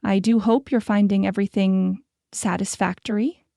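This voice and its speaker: A woman's voice: medium pitch, fairly even intonation, normal speed, vocal fry, dark tone, dry recording, clean studio sound, lightly acted. A woman voicing a prim, meddling middle-aged shopkeeper's wife who talks with false concern in an audiobook.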